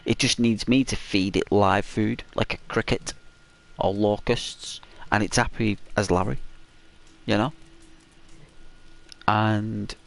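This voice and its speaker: A man's voice: lowish voice, fairly even intonation, slow, gravelly, long pauses. A man hosting a gaming channel, telling a story in a chatty, rambling way with lots of fillers and restarts, in a semi-ASMR narration over gameplay.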